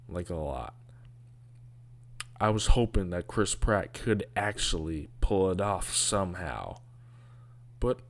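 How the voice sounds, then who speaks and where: A man's voice: fairly low pitch, darkish tone, dry recording. A man giving casual, rambling commentary on a video, sarcastic and grumbling, with mocking asides.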